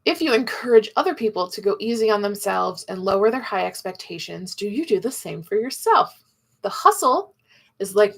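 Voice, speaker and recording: A woman's voice: mid-range voice, normal speed, gravelly. Chatty woman teaching an online class. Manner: playful, chatty, acts out quoted voices.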